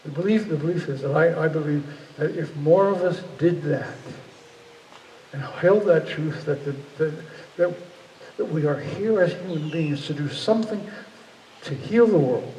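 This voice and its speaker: A man gives a reflective public talk in a large hall. His voice is fairly high yet mellow, and he speaks earnestly, searching for his words and often restarting. The mic sits far from him, so the hall rings with long reverb over a faint hum of ambience. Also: moderate pace. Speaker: guest speaker.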